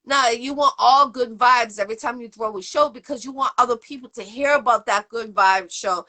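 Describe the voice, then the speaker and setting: A woman's voice: a little high, moderate pace. A woman hosting an interview show, chatting in a rambling, upbeat way with lots of fillers. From Boston area, USA. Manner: rambling, upbeat, full of shout-outs and fillers. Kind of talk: casual interview chat.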